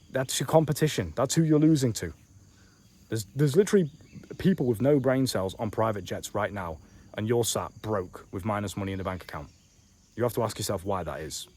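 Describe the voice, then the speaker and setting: A man's voice: medium pitch, lively intonation, fairly quick, a little mellow. A man giving a casual outdoor vlog monologue as a business coach, blunt and profane, full of slang, talking straight at the listener. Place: outdoors on a bench in a warm country.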